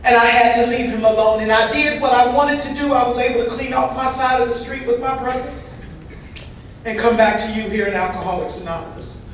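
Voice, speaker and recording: A woman's voice: fairly high pitch, fairly even intonation, a little fast, slight background noise. A woman voicing a signed first-person recovery talk at a convention, in a humorous, conversational storytelling manner. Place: large convention hall. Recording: very echoey hall from far off.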